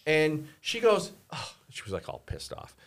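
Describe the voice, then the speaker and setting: A man's voice: on the high side, moderate pace. A man co-hosting a gun-rights podcast, telling a story in casual chat and acting out the quotes. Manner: animated storytelling, acts out quotes. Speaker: podcast co-host.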